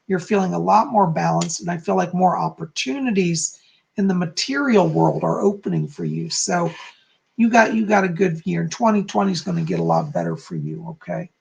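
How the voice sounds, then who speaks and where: Gravelly guy doing live psychic readings, chatty and reassuring, keeps saying okay?. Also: sits high, lively intonation, fairly quick. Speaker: psychic host.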